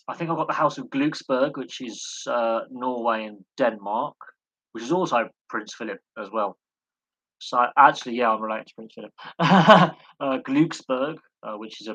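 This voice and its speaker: Guy on a live stream just rambling, bright crisp voice, dry close sound. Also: mid-range voice, no echo, low-quality recording. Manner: rambling, wanders off on tangents; self-mocking, chuckles at himself. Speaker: live stream host answering chat. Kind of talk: casual live Q&A chat.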